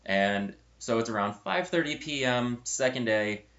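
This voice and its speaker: A man's voice: medium pitch, expressive, unhurried, fairly bright tone, lo-fi sound. Chatty young man telling a story. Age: young adult. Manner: chatty and rambling, with self-correcting asides. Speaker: storyteller and channel host. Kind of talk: casual storytelling vlog.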